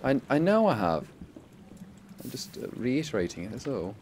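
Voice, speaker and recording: A man chatting casually while playing a game, easily startled and quick to exclaim. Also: mid-range voice, very animated, a crowd in the background. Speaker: gamer. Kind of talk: casual let's-play chat. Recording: faint background noise.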